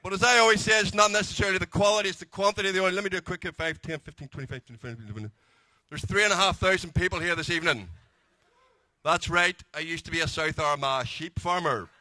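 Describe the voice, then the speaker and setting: Bright, cheeky comedian. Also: male voice, high voice, fast talker, dry recording. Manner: cheeky, crude punchlines. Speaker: after-dinner comedian. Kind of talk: stand-up comedy at a dinner. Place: large dinner function room.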